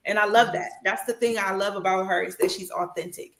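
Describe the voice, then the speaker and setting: A woman chatting on a podcast, emotional and expressive, swearing freely and acting out what people say. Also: medium pitch, fairly quick, few pauses, roomy sound, poor audio. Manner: quotes people in animated voices. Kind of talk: casual podcast chat.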